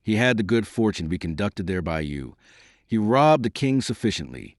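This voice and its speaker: A man's voice: lowish voice, very animated, moderate pace, no room sound, studio quality. A man voicing a coarse, smug keeper of hunting dogs in an audiobook. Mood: sneering. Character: coarse sneering male dog keeper.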